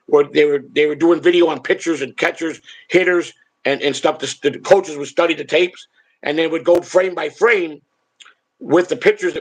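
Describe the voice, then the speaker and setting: Older storyteller, gravelly and husky, profane and rambling. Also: male voice, on the high side, low-quality recording. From Chicago. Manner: rambling, profane, repeats words. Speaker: show host telling stories. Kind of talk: casual storytelling chat.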